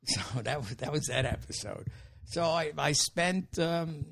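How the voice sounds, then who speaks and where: Gravelly, husky New man telling stories. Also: a little high, unhurried. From New York. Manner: animated storyteller who acts out quotes and swears freely. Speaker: comedian guest telling stories. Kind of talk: casual interview storytelling.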